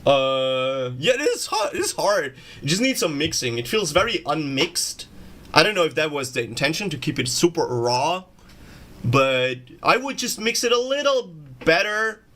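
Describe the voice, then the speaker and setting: A man's voice: a little high, sing-song, moderate pace, sharp tone. A man chatting casually on a music production livestream, slangy and swearing, calling everyone bro. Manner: slangy, swears freely, says "bro" a lot.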